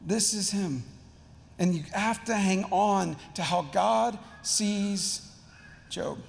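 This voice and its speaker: High, gravelly-voiced pastor preaching casually. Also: male voice, slow, big-room sound. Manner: casual, slangy, conversational. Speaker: teaching pastor. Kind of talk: sermon. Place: church sanctuary.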